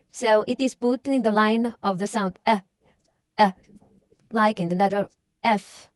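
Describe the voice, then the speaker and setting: A woman teaching beginners the English alphabet, reading out single letters and sounds slowly and carefully. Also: a little high, dry recording. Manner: slow, deliberate, spelling out single letters. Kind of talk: slow alphabet lesson for beginners.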